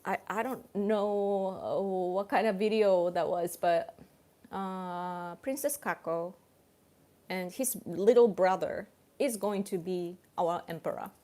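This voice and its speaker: A woman's voice: medium pitch, slow pace, dark tone. A Japanese woman with a Japanese accent, hosting a casual livestream chat, full of fillers and restarts and laughing often. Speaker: livestream host.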